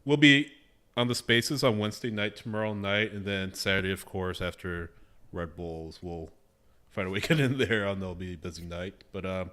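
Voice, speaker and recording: A man's voice: sits low, normal speed, sharp tone. A man from Buffalo, New York, hosting a podcast in an upbeat, casual way and laughing often. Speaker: podcast host.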